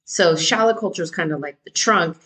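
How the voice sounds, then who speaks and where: A woman's voice: lowish voice, a little fast, a bit bright, low-quality recording. A woman from California, a teacher hosting a solo podcast, talking casually and thinking aloud with frequent ums and rhetorical questions.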